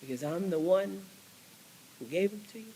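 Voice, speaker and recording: A man's voice: high-pitched, lively intonation, normal speed, warm tone, slightly rough, heavily acted, low-quality recording. A man voicing an all-powerful creator God who presses with question after question. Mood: insistent. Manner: questioning, pressing, repeats challenges.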